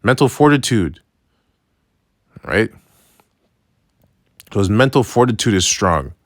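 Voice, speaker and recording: A man's voice: fairly low pitch, big pitch swings, slow pace, no room sound, studio quality. A man teaching a casual Bible lesson in a loose, slangy way, often checking in with "right?". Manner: conversational, keeps asking "right?"; slangy, loose phrasing with restarts. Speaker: religious teacher.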